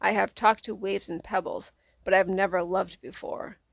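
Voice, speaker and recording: A woman's voice: medium pitch, fairly even intonation, moderate pace, creaky, dry recording. A woman voicing a lovesick male turtle who pleads tenderly with his darling. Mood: pleading.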